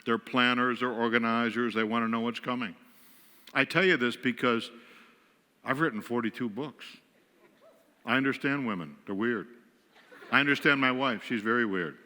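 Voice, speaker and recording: A guest speaker from western New York tells wry, self-mocking stories about married life from the pulpit. His voice is bright and forceful. It rings with the long reverb of a church sanctuary. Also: mid-range voice, normal speed, pauses often. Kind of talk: humorous storytelling sermon.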